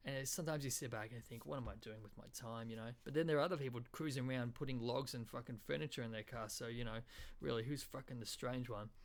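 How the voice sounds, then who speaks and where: A man's voice: mid-range voice, quick pace. A man with an Australian accent hosting a podcast, rambling through a profane comedic monologue full of fillers. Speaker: podcast host.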